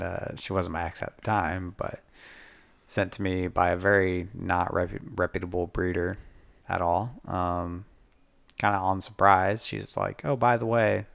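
Deep gravelly young man, hesitant. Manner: hesitant, many ums and uhs. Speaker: podcast co-host. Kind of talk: casual chat.

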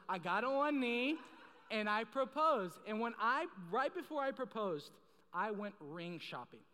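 A man's voice: very high voice, fairly bright tone. A young man preaching a sermon in a casual, joking way, telling stories and getting the crowd to join in. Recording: long reverb in a large hall.

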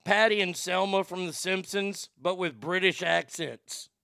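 List: male host, crude mocking rant, raised pitch, gravelly voice. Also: unhurried, bright, forceful tone, dry recording, studio quality. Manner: blunt, vulgar, mocking. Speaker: radio show host. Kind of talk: crude comedic commentary.

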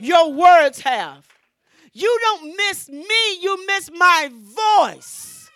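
High-voiced woman preaching emphatically. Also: lively intonation. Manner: emphatic, drawn-out preaching with sudden loud peaks. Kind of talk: sermon.

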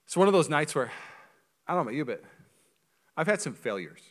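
A male pastor preaching a sermon in a church, animated and joking, with quick asides. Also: a little high.

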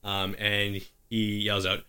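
A man's voice: fairly low pitch, completely flat delivery, slow, bright, forceful tone, smooth. A man narrating as game master of a tabletop game, improvising the action and stopping to correct himself.

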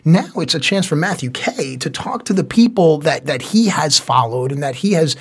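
A man hosting a casual fantasy baseball podcast, enthusiastic and quick to laugh. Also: fairly high pitch, slightly rough. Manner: enthusiastic, laughs often, animated. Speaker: podcast host. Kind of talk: casual sports podcast chat.

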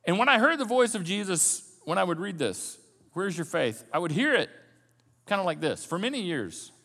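A man preaching a sermon as the pastor, telling the story in an animated way and acting out the scenes. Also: high voice, fairly quick, in a large hall.

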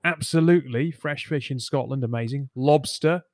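A man's voice: mid-range voice, moderate pace, darkish tone, no echo, clean studio sound. A man hosting a weekly technology podcast, chatty and jokey in casual banter. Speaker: podcast host. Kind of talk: casual chat.

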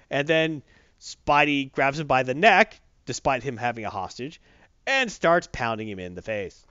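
A man casually recapping a comic book, animated and rambling, correcting himself as he goes. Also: mid-range voice, normal speed, smooth, no echo, muffled recording.

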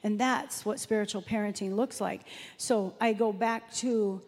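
A woman's voice: mid-range voice, steady tone, measured pace, a little mellow. Woman preaching in a reverberant church. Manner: conversational storytelling, acts out quotes. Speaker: pastor. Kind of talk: sermon. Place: church sanctuary. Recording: long hall reverb.

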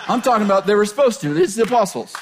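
A man preaching an informal sermon in a conversational way, joking and chuckling often, swinging between loud bursts and low asides. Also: expressive, rapid-fire, noisy background.

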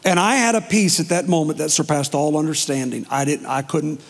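A man preaching as pastor, telling a personal story emotionally with dramatic pauses. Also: fairly high pitch, fairly even intonation. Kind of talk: testimony sermon. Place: church sanctuary. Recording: long hall reverb.

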